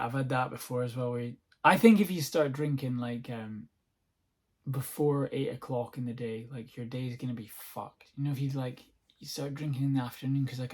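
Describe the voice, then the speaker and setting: A man's voice: medium pitch, gravelly, a little mellow. A young Scottish man from the north-east, hosting a solo comedy podcast at home, rambling, swearing and laughing easily. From north-east Scotland. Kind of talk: casual solo podcast monologue. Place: at home on a sofa-bed seat.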